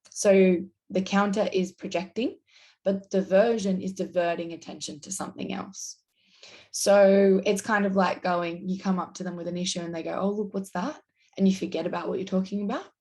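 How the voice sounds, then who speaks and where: A woman's voice: fairly low pitch, a little mellow. A woman giving casual, earnest advice straight to camera, acting out example lines as she explains. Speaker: YouTube host.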